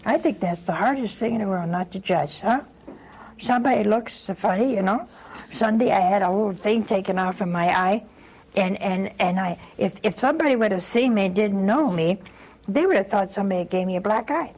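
Older nun, call-in host, husky voice, earnest storyteller who acts out her anecdotes. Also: mid-range voice, brisk, darkish tone, rough recording. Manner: earnest, with acted-out anecdotes and repetition. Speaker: nun hosting a call-in show. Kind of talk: call-in religious talk with storytelling.

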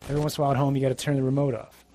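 A man's voice: mid-range voice, flat delivery, very fast, mellow. A middle-aged man, a priest, giving a conversational, emphatic sermon with asides.

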